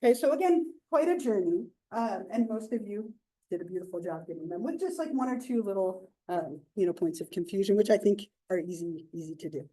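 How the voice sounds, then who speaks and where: Chatty, mellow-voiced woman teacher. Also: medium pitch, animated, fairly quick, poor audio. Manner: chatty, full of fillers and asides, laughs often. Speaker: psychology instructor. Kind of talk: casual classroom lecture. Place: classroom.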